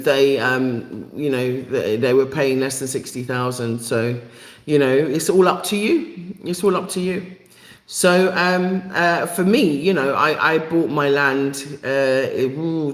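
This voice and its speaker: A British woman with a Jamaican-tinged accent, chatting casually and bluntly on a live vlog, full of fillers and plain talk. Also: very deep voice. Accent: Jamaican-inflected British. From England. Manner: chatty, blunt and playfully outspoken, with many fillers. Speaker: vlogger and repatriation helper. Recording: echoey room with long reverb.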